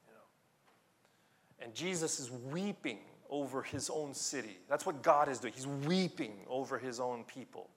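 A man preaching a sermon in an animated way, repeating words and rising to loud emphasis. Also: medium pitch, unhurried. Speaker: pastor.

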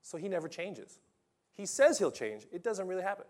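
A man preaching a sermon as pastor, with dramatic swings between loud emphasis and quiet asides. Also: sits high, big pitch swings, a little fast.

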